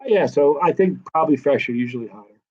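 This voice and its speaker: A middle-aged man with a slightly high voice, hosting a relaxed live-stream question session. He rambles easily between answers and viewer shout-outs. The sound is dull and lo-fi. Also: fast talker. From United States, East Coast. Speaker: host of a hot pepper channel. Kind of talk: casual live-stream Q&A chat.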